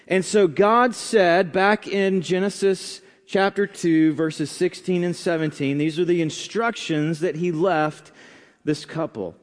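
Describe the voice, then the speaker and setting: Guy preaching, kinda high voice, chatty asides, big echoey church room. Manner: conversational preaching with asides and pauses. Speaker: pastor. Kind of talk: sermon.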